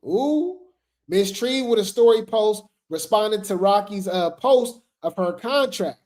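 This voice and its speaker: A woman's voice: medium pitch, expressive, a little slow, a little mellow. A woman hosting a casual gossip commentary show, chatty and slangy, laughing often as she talks.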